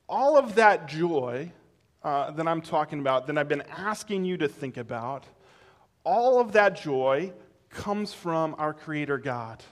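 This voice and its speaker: Male pastor, 30s-40s, higher voice, conversational sermon delivery with easy laughs. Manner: conversational and animated, with laughs and fillers. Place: church sanctuary.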